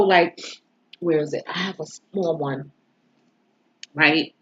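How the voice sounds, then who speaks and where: A woman's voice: fairly low pitch, steady tone, slow, long pauses, a bit bright. A woman tarot reader telling viewers a personal story in a casual, candid, emotional way, swearing freely. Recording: slightly dull lo-fi recording.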